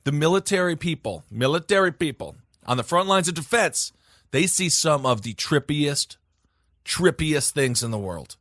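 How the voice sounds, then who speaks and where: Brief: podcast host, man, lively swooping delivery, a bit high, dry close sound. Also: normal speed, no echo. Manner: animated, jokey asides. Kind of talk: comedic story reading.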